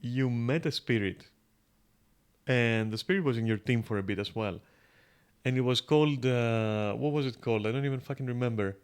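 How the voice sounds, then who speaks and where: A man's voice: mid-range voice, moderate pace, clean tone. A man streaming a game, thinking aloud in loose, rambling talk full of fillers and casual swearing. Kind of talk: casual gameplay commentary.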